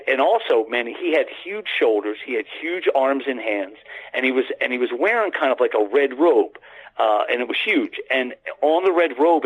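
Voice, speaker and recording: A man's voice: medium pitch, breathy edge, phone-quality sound. A man guest on a radio show, telling a long story in a rambling way with many restarts. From United States. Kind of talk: casual storytelling.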